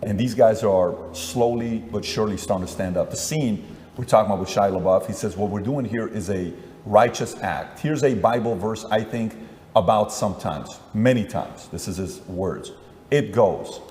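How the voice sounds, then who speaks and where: A man with a fairly low voice hosts an interview in a relaxed, chatty way and acts out his stories as dialogue. A long reverb tail trails his words over a faint hiss. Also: normal speed. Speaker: interviewer and host. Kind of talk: conversational interview.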